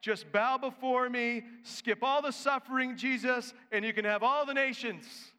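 Figure: scheming male devil tempter, put on by a preacher. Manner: coaxing, persuasive. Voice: high, bright. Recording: echoey hall. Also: steady tone, a little slow, clear, resonant tone, heavily acted.

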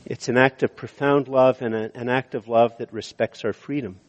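A man preaching a sermon in earnest, slowing down to stress key words, in a church sanctuary. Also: mid-range voice, steady tone. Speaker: pastor. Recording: dull audio with long hall reverb.

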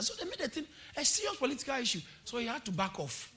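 A male pastor preaching a sermon, impassioned and often shouting, with call-and-response to the church. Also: very high-pitched, wildly swooping pitch, quick pace. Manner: quotes verses then explains them.

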